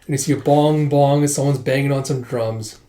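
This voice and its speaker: A man's voice: medium pitch, steady tone, a little fast, mellow. A man doing a casual readthrough of a comic, retelling the scenes loosely with plenty of fillers. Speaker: comic reader. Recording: echoey room.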